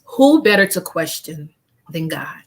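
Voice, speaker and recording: Speaking a little slowly in a low-pitched, very animated voice, a grief counselor in her fifties hosts a faith-based video-call interview from her home with family nearby. She is earnest, echoing key lines the way a preacher would.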